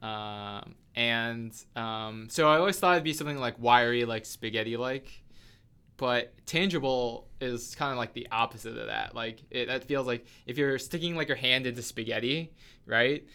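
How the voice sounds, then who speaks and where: A man's voice: medium pitch, normal speed, pushed and bright, clear, resonant tone. A man co-hosting a podcast in casual chat, rambling and searching for words with lots of fillers. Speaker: podcast co-host.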